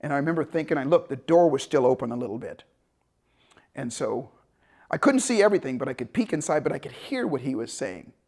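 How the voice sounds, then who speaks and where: A motivational speaker gives a storytelling seminar talk, animated and acting out the people he quotes. His voice is medium-pitched and fairly quick.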